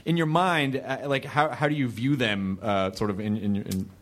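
A man's voice: mid-range voice, normal speed, fairly bright tone. A man hosting a podcast, chatting casually and joking with his guest, swearing freely. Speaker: podcast host.

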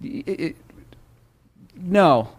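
A man in his late thirties from the American Midwest, chatting casually and upbeat, quick to laugh. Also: sits high, animated, husky. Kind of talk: casual chat.

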